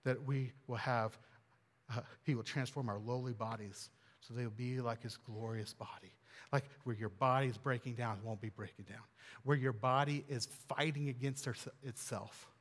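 A man's voice: medium pitch, fairly even intonation, normal speed, big-room sound. A man preaching a sermon as a pastor, earnest and conversational, repeating phrases and rising for emphasis.

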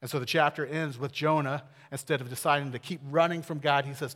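A man preaching a sermon, telling the story with lively swings between loud and soft. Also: mid-range voice, quick pace, hardly any pauses. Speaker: pastor. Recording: long hall reverb.

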